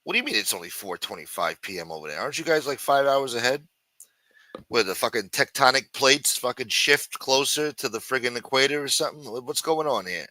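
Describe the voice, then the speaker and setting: A man hosting a casual livestream, greeting viewers with loud mock-preacher calls, crude banter and sing-song asides. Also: medium pitch, animated, a little fast, dry recording. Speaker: livestream host. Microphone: desk microphone.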